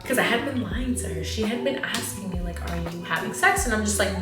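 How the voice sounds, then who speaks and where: A woman's voice: mid-range voice, a little fast, roomy sound, loud music behind the voice. A woman in her twenties, a vlogger telling a story in casual chat, acting out the people she quotes. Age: 20s. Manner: animated, acts out quotes, says like a lot.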